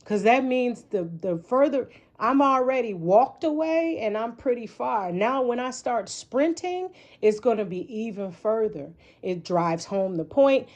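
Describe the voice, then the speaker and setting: With a slightly mellow, mid-range voice, this tarot reader chats her way through a loose, rambling reading. She swears a lot, talks frankly and keeps dropping rhetorical "right?"s.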